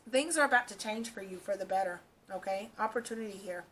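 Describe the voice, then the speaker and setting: A woman gives a casual tarot reading to her viewers and talks to them directly. She sounds reassuring and keeps checking in with "okay" and "all right." Her voice sits at an ordinary middle pitch, with a faint hiss in the background. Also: quick pace, fairly bright tone. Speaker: tarot reader.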